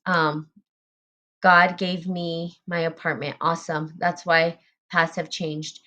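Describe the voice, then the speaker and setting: Woman, slightly low voice, earnest, casual spiritual chat, repeats herself. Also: level tone, slow pace, bright, forceful tone. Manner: earnest, repeats phrases, frequent fillers. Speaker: podcast host. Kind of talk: casual spiritual group talk.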